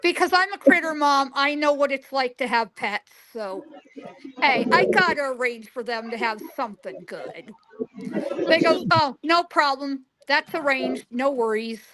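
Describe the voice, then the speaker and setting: A woman's voice: high voice, measured pace, background noise. A woman in her forties telling stories emphatically as an interview guest, acting out animals' lines. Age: 40s. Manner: emphatic, lively, acts out animals' lines in quotes. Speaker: guest psychic. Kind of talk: animated storytelling in a remote interview. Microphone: remote call line.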